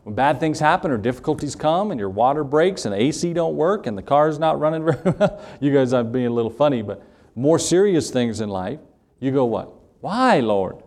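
A man's voice: medium pitch, animated, a little fast, a little mellow. A man preaching a sermon as pastor, stressing words and acting out short quoted prayers. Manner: preaching with rising emphasis and acted-out quotes.

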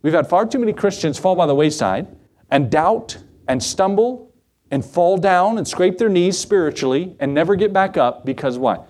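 A middle-aged male pastor preaching a sermon, swinging his pitch and pace as he acts out Bible scenes. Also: expressive, normal speed, darkish tone.

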